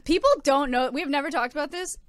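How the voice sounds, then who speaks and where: Frank young woman, slightly high voice. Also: fast talker, no echo. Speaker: podcast co-host. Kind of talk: casual chat.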